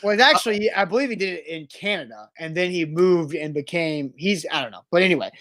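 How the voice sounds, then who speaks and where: A man co-hosting a casual sports trivia show, eager and quick to guess and banter. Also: a little high, expressive, a bit bright. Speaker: co-host of a trivia segment.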